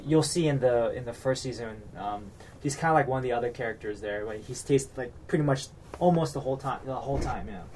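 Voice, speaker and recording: A man's voice: medium pitch, darkish tone. A man from the United States chatting casually, rambling with lots of fillers and restarts and getting worked up as he recaps a reality show.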